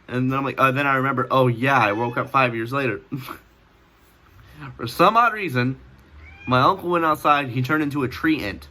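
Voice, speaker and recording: A man's voice: medium pitch, normal speed, pushed and bright. A teenage boy vlogging at home, telling a long story in a casual, rambling way, full of restarts and fillers, laughing often.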